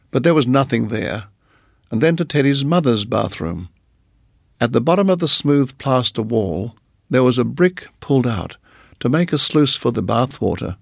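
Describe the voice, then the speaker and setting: A man narrating a storybook in a measured, even reading voice. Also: mid-range voice, creaky, no room sound, clean studio sound.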